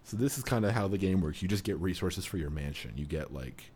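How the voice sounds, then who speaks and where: Deep-voiced man in rambling podcast chat. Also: lively intonation, brisk, a little mellow, breathy edge. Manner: rambling, self-amused, hedges with fillers. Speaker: podcast co-host. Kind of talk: casual chat.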